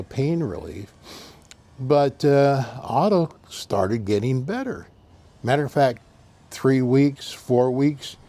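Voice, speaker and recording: A man's voice: medium pitch, warm tone. An older man telling a story in a folksy, meandering, earnest way as host of his own channel. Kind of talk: casual storytelling.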